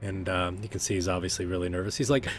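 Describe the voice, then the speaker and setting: A man narrating a tabletop game as game master, relaxed and hesitant with many fillers. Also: deep voice, fast, soft background music.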